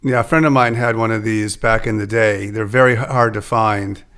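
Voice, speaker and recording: A man's voice: lowish voice, fairly even intonation, normal speed, fairly bright tone, clear, resonant tone. A man hosting a podcast and chatting casually with his guest. He hesitates often and restarts his sentences. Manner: conversational, hesitant with frequent restarts. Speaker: podcast host. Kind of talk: casual chat.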